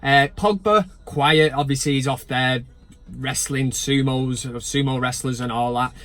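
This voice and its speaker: A man hosting a fan channel, talking in a sweary, sarcastic, animated rant. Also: medium pitch, unhurried. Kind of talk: ranting casual vlog.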